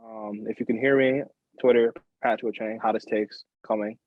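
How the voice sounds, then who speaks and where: A man's voice: on the low side, steady tone, moderate pace, dry recording. A man co-hosting a podcast in casual chat, blunt and teasing and swearing casually, recorded on a dry, dull-sounding mic. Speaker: podcast co-host.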